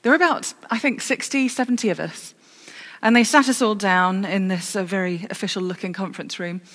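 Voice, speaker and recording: A woman's voice: medium pitch, fairly quick, a bit bright. Woman preaching in a reverberant church. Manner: storytelling with self-corrections and dry humour. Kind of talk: sermon.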